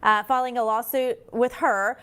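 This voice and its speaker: A woman's voice: fairly high pitch, fairly even intonation, moderate pace, a bit bright, clear, resonant tone. A woman hosting a talk show, chatting conversationally and asking questions. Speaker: host. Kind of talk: casual talk-show chat.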